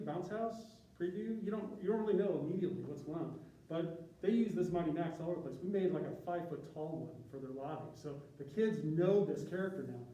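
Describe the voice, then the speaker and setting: A university graphic designer gives an informal presentation to a group, speaking conversationally and rambling with tangents and restarts. His voice is fairly high and warm, with a little hiss or hum. He's recorded from a distance in an echoey room with faint ambience.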